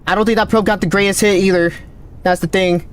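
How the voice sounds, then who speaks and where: A man streaming a game live, calling out readings with excited running commentary, his voice cracking. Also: high voice, clear, resonant tone. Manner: excited, calls out numbers rapidly. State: voice cracking, thirsty. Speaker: gaming streamer.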